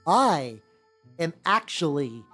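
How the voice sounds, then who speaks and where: A woman's voice: deep voice, very animated, slow pace, a bit bright, soft background music. A woman chatting casually on a miniature painting stream, rambling with many restarts and some swearing. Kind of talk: casual livestream chat.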